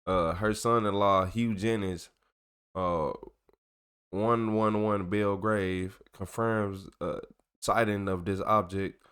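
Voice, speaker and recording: A man with a fairly low voice reads old reports aloud as a channel host. He stumbles on the longer words, corrects himself, and slips into loose, slangy joking between passages. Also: fairly bright tone, smooth. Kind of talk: casual commentary while reading documents aloud.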